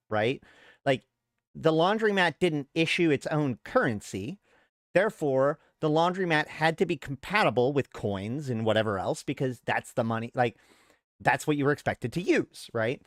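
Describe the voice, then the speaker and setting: A show host with a fairly high-pitched voice rants casually to a live audience, telling a frustrated story. An animated storyteller, he acts out what other people told him, and the recording is dry and studio quality.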